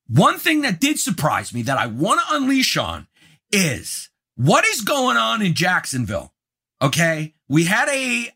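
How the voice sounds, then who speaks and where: Brash, loud American sports-show host. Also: male voice, creaky. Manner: brash, mock-outraged, swings between low mutters and loud emphatic outbursts. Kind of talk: opinionated sports rant.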